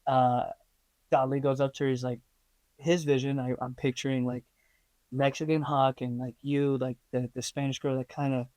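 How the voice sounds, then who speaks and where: A man's voice: medium pitch, normal speed, dry recording. A man being interviewed, telling stories in a casual way, full of ums and likes, laughing and acting out what others said. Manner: animated, laughing, acts out quoted voices; many fillers like um and like. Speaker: interview guest, stunt performer and actor. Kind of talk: casual storytelling.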